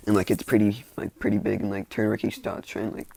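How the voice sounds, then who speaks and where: A man's voice: on the low side, flat delivery, fast, vocal fry, mellow, breathy edge. A young man casually retelling a fan-made story, rambling and self-mocking, with lots of "like" and restarts.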